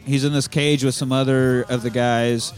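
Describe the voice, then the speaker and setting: A man's voice: mid-range voice, level tone, normal speed, faint music behind. A man hosting a podcast, animatedly retelling film scenes in casual, profane chat. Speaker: podcast host.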